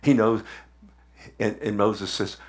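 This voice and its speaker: A man's voice: lowish voice, fairly even intonation, slow, darkish tone. A man preaching a sermon in a conversational way, asking the congregation questions and repeating words for emphasis. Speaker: pastor.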